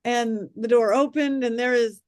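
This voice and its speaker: A woman with a fairly high voice, speaking as a psychic medium who is a guest on a podcast. She tells her stories with animation and slips into the voices of the people in them. The sound is dry and close, with no room echo. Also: a little slow. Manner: lively, acts out quoted voices. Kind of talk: animated storytelling in a podcast interview.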